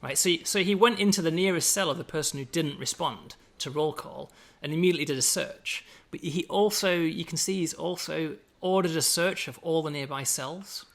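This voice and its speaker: An English man from England chatting through a gameplay demo in a casual, explanatory way, tossing in "you know" and "right?" as he goes. His voice is fairly high for a man, bright and edgy, with a lot of gravel in it. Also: moderate pace, few pauses. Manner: fond of British slang. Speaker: game developer.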